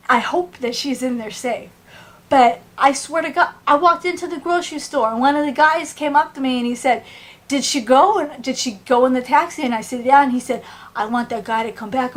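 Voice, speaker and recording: A woman tells a story straight to her camera, her voice pitched high. She gets animated and throws her voice up to play the people she met. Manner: animated, acts out bystanders in raised voices. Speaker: vlogger. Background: dog at home.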